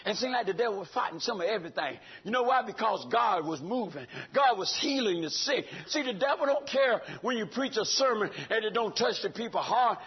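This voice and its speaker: Raspy older preacher hollering a sermon. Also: male voice, high voice, expressive, fairly quick, hardly any pauses, dull audio. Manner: hollering, call-and-response, laughing asides.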